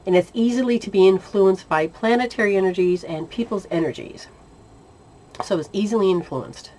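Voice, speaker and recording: A woman casually telling a personal spiritual story, animated, often laughing and acting out the dialogue. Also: mid-range voice, normal speed. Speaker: spiritual intuitive sharing experiences.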